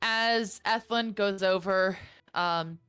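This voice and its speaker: A woman running a tabletop game as game master, slow and swearing with laughing banter. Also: medium pitch, fairly bright tone, clear, resonant tone, no echo, faint music behind.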